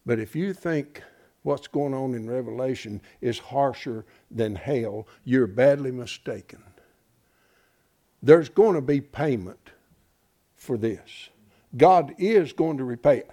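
A middle-aged man preaching a sermon, folksy and emphatic, dropping from loud declarations to hushed asides. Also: medium pitch, slow pace.

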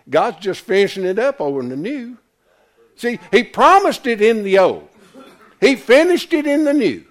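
An older man preaching a folksy, emphatic sermon, swinging from loud to quiet. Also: sits high. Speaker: pastor.

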